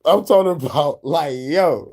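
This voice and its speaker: A man hosts a show and riffs on clips with casual, profane commentary, rambling, laughing a lot, and jumping into squeaky bits. His voice is a little mellow, with lively intonation and a moderate pace.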